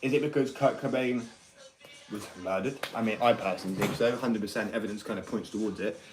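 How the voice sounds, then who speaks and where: A lowish, fairly quick voice belongs to a man in his 20s who rambles and swears while airing his opinions in casual talk. The recording comes from a workshop room, distant from the mic, echoey, with music behind.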